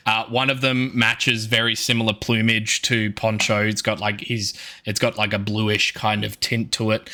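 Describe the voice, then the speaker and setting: A man's voice: on the low side, pushed and bright. A man with an Australian accent narrating a tabletop game as game master, rambling with many fillers.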